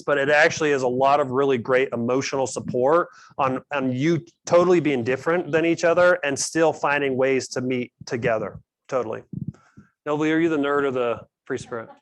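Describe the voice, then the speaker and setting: A man's voice: medium pitch, fairly even intonation, a little fast, a bit bright, no echo. A man hosting a casual team meeting on budgeting, calling on people by name. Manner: upbeat, calls on people by name. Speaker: host of a team finance meeting. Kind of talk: casual group discussion.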